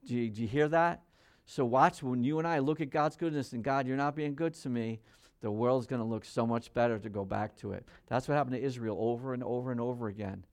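A man preaching a sermon, reading scripture aloud with loud, emphatic rises and dropping to quiet, low asides as he explains it. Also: fast talker. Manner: reads King James scripture aloud, then explains conversationally. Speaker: pastor.

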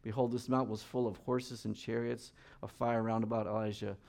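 A middle-aged man preaching a sermon as pastor, reading scripture and acting out the people in it in lively voices. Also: medium pitch, normal speed, gravelly.

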